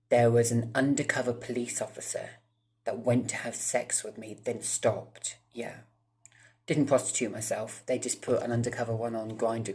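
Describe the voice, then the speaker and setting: Man, 30s, mid pitch. Casual, rambling monologue with lots of swearing. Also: a little mellow. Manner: rambling, swears freely, chatty asides to viewers. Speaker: vlogger.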